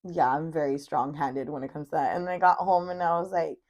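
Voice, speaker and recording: This podcast co-host in her thirties has a low-pitched voice, speaks fairly quickly, and is recorded with a lo-fi sound. Chatting casually, she tells family stories animatedly, swearing freely and dramatizing what others said.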